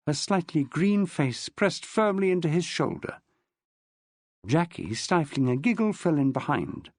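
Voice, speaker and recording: A man narrating a novel as an audiobook, with an expressive storyteller's lilt. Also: fairly high pitch, unhurried, dry recording, clean studio sound.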